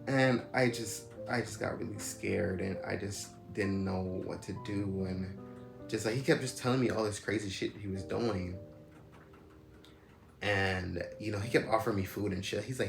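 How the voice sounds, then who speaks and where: A man's voice: lowish voice, steady tone, normal speed, gravelly. A young man casually telling a personal story, rambling with lots of "like" and "you know what I'm saying". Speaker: storyteller recounting a personal experience. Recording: roomy echo with loud music behind.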